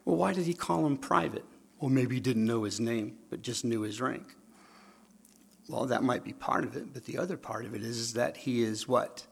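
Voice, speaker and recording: Man, preacher, gravelly voice, animated sermon, acts out dialogue, questions the audience. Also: mid-range voice, normal speed.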